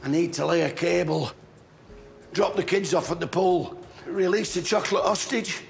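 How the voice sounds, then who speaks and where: A man's voice: high voice, normal speed, creaky, soft background music. An actor playing a crude, pleading man desperate for the toilet in a sitcom. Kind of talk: sitcom acting.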